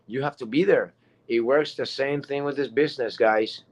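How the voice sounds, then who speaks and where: A man's voice: mid-range voice, moderate pace, highs cut off, noisy background. A man giving a rambling motivational talk as a guest speaker, full of fillers and repeated words. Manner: rambling, repetitive, with many fillers.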